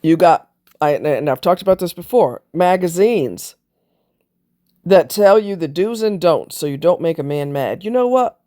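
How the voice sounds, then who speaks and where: Blunt, emphatic woman with a mellow low voice. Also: animated, moderate pace. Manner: blunt, emphatic, preachy, with casual swearing. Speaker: relationship commentator. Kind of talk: opinionated monologue.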